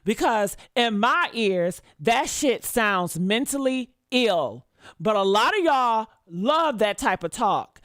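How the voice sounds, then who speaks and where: A woman's voice: fairly high pitch, very animated, takes it slowly, fairly bright tone, no room sound, clean studio sound. Blunt, profane woman commentator. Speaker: online commentator. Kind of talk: casual commentary rant.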